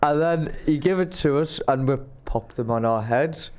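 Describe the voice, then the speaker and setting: A man's voice: fairly high pitch, normal speed, a little mellow. A young man, rambling through a self-mocking story as a podcast co-host. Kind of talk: casual storytelling chat.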